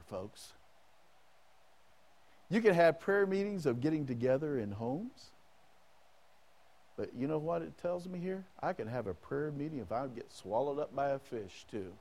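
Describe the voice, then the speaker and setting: Medium-pitched and a little mellow, this man's voice carries a pastor's sermon. He asks the congregation questions and acts out prayers in the first person.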